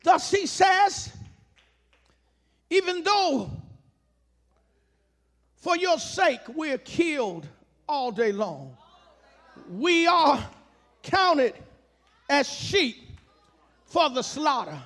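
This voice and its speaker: A man preaching in a very high, bright voice that cuts through. He takes his time, drawing words out slowly, and drives his points home with emphatic, rhythmic call-and-response and repeated phrases. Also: very animated. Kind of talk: sermon.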